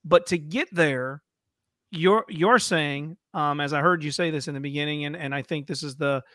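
A man hosting a podcast, talking through theology in a thoughtful, halting way with many fillers. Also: a little high, pushed and bright, dry recording, clean studio sound. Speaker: podcast host. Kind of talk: casual theological discussion.

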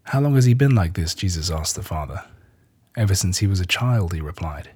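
A man giving a measured scripted reading of scripture, lightly voicing the quoted speech. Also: low voice, expressive, a little mellow, slightly rough. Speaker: scripture reader.

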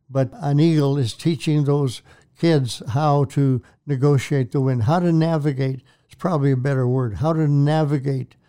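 An older male minister recounts his testimony with earnest, preacherly repetition. His tone is mellow and warm, and the voice comes through smooth and resonant. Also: medium pitch. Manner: earnest storytelling, preacherly, repeats phrases. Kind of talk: testimony in a Christian talk show interview.

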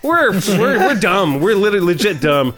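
A man's voice: high voice, big pitch swings, brisk, music in the background. Laughing, rambling podcast host man. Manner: laughing, swearing, rambling with restarts. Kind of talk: casual podcast chat.

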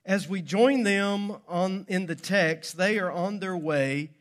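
A man's voice: high-pitched, slow. A male pastor preaching a sermon, telling a story with dramatic pacing.

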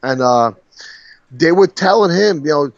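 A man's voice: fairly high pitch, animated, unhurried, gravelly, no echo. A man, co-hosting a podcast in casual chat, rambling profanely and laughing as he tells stories. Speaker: podcast co-host. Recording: dull, dry lo-fi sound.

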